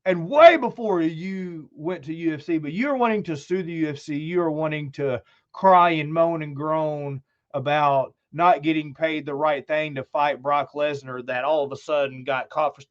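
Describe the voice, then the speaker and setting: A man's voice: fairly high pitch, normal speed, highs cut off. A man hosting his channel, ranting bluntly and heatedly about sports, swearing and rambling. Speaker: channel host.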